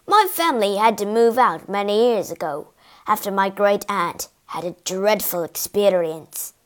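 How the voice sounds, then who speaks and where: A grave old lord , as a woman reading a storybook plays him delivers a solemn, measured warning. His words come slowly and deliberately. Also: mid-range voice, natural voice.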